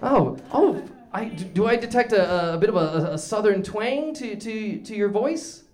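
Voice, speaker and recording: A man's voice: sits high, animated, a little slow, a little mellow. A man playing a bumbling, effusive talk show host in an improvised comedy scene, stammering through restarts and fillers. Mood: eager. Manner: showy and effusive with the crowd.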